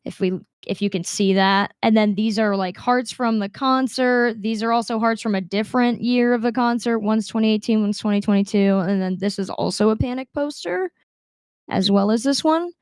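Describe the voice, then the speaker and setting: A woman's voice: fairly high pitch, moderate pace, a little mellow, clear, resonant tone, dry recording, studio quality. A young woman guest on a video call, chatting casually with laughs and acting out the people in her stories. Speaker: guest streamer. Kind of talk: casual interview chat.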